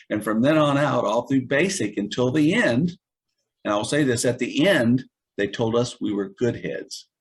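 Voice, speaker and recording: An Army veteran in his seventies is interviewed and recounts old stories in a wry, chuckling, casual way. His medium-pitched voice has lively intonation, an unhurried pace, and a breathy edge.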